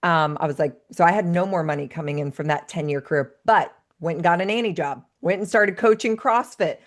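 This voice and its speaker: A woman's voice: fairly low pitch, fairly quick. A woman in her thirties, a life coach and podcast guest, speaking in an earnest, reflective way. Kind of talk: conversational interview.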